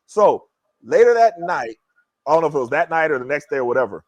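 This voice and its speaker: Animated high-voiced man telling a story. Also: fast talker, dry recording. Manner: animated, acts out other people's words; many fillers like "you know" and "right?". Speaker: podcast guest, former pro basketball player. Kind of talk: casual storytelling.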